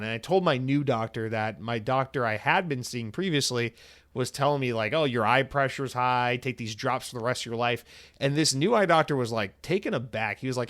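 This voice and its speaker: A man's voice: medium pitch, a little fast, a bit bright. Casual, candid man hosting a podcast. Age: 30s. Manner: rambling and candid, swears freely, acts out quoted people. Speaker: podcast host. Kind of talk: casual solo podcast monologue.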